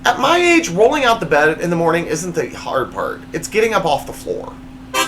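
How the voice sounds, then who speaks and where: Animated man hosting a comedy show. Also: moderate pace, slight background noise. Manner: jokey, reads punchlines with big pitch swings. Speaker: show host. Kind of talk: comedy monologue.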